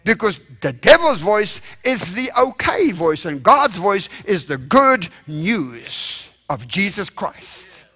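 A male evangelist preaching a revival sermon in a church, impassioned and emphatic with sudden loud bursts. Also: high voice, sing-song, slow pace.

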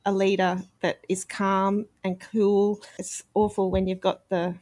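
An Australian woman, an ICU nurse, chatting as a podcast guest with quick, sympathetic reactions. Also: mid-range voice, level tone, a little mellow. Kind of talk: casual chat.

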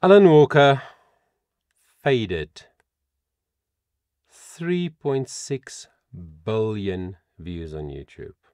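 A man working as a vocal coach, reading out song facts in a reaction video and adding animated comments of his own. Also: on the low side, drawn-out words, pauses often, clear, resonant tone, no room sound, clean studio sound. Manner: reads song facts aloud with animated asides.

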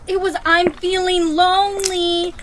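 A text-to-speech voice of a woman playing a panicky young woman caught in a deadly lyric game, spoken flatly over a skit. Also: very high-pitched, a little slow. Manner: flat synthetic text-to-speech delivery. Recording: loud background noise.

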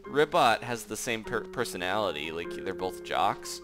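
A man giving casual, chatty gameplay commentary as a let's play host, reacting quickly and animatedly. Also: lowish voice, animated. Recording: game music underneath. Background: game background music.

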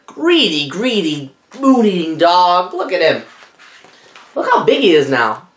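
A woman teacher reading a picture book aloud to children, animated, asking her listeners questions along the way. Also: fairly low pitch, a little slow. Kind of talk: children's storybook read-aloud. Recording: echoey room.

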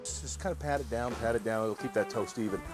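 A man's voice: medium pitch, fast, loud music behind the voice. A man hosting his own cooking show, chatting casually to viewers while he demonstrates a recipe, often repeating words as he goes. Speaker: cooking channel host.

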